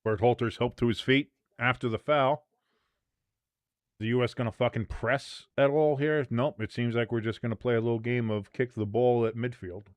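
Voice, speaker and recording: A man hosting a live match watch-along, commenting casually, swearing freely and leaping from low mutters to shouts. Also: moderate pace, no echo. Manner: excitable, profane, jumps from mumbling to shouting.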